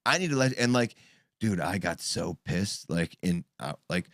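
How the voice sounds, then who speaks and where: Profane, animated man in his thirties. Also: deep voice, moderate pace, dry recording, studio quality. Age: 30s. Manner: animated, profane, acts out quoted voices. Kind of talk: casual chat.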